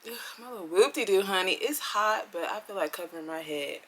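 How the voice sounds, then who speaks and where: Woman, casual vlog chat, giggly, lively swooping pitch, bright voice. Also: fairly quick. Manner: animated and giggly, chatty asides. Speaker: vlogger.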